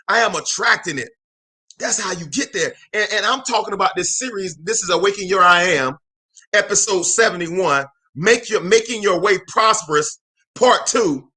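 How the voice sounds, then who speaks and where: High-voiced, bright, energetic motivational man. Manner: energetic, emphatic, preacher-like call-and-response, repeats phrases. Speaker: motivational speaker and show host. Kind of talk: live-streamed motivational talk. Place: room, alone.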